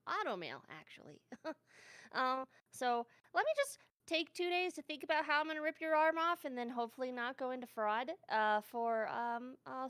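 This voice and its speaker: High, lively woman rambling playfully. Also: no echo.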